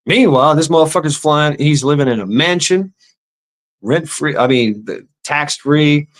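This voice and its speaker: A man's voice: medium pitch, expressive, moderate pace. A man ranting casually and sarcastically as a vlogger, with lots of stammered repetitions and swearing. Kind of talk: casual profane rant.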